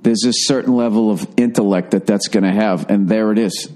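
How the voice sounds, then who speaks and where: A man's voice: fairly low pitch, fairly even intonation, fairly quick, darkish tone. A man hosting a podcast, riffing solo in a profane, rambling, sarcastic monologue. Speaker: podcast host. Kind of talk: casual comedic monologue.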